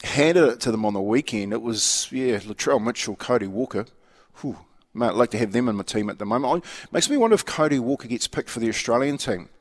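This radio co-host, a New Zealander, talks sport in a loose, easygoing, mate-to-mate ramble full of restarts. He speaks fairly quickly in a mid-range voice with lively intonation, and the recording has a big-room sound.

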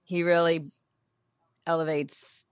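A woman actress telling a story in a casual interview, animated and laughing as she talks. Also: low voice, slow. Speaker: actress guest.

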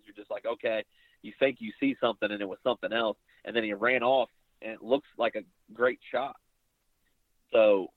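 A man's voice: medium pitch, no room sound. A young man recounts a hunting story in a loose, rambling way, jumping in and out of the lines people said to him. He sounds squeezed and tinny, as if he is on a phone line. The sound is dead dry with no room around it. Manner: rambling, animated retelling with quoted dialogue. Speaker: bowhunter guest. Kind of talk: casual storytelling interview.

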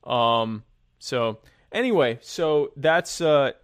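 A man in casual political chat, rambling and sarcastic, with many halting restarts. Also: medium pitch, lively intonation, clean tone, dry recording, studio quality.

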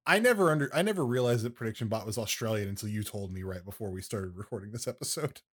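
A young man co-hosting a casual podcast, teasing his partner with quick joking banter. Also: fairly low pitch, lively intonation, fairly bright tone, breathy edge. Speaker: podcast co-host.

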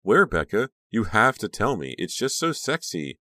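Bubbly, pushy teen girl, high chirpy gush; male reader raising his voice. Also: very animated, moderate pace, sharp tone, no echo. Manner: gushing, chirpy, talks over others.

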